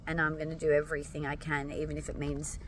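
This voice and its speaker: A woman, hoarse and tired, talking earnestly and emotionally to her followers and swearing casually. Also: low voice, completely flat delivery, fast, far from the mic, noisy background. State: hoarse, fatigued. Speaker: vlogger addressing followers. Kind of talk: emotional direct-to-camera talk.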